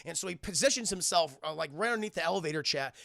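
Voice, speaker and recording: A man streaming a casual recap of a cartoon episode, excitable, swearing often and restarting his sentences as he talks to his chat. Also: a little high, very fast, vocal fry, dry recording, clean studio sound.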